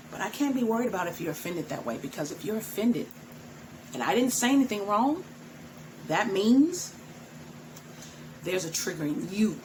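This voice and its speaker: A middle-aged woman who teaches tantra, talking frankly to her viewers and laughing often. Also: lowish voice. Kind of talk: direct-to-camera talk. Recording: noisy background.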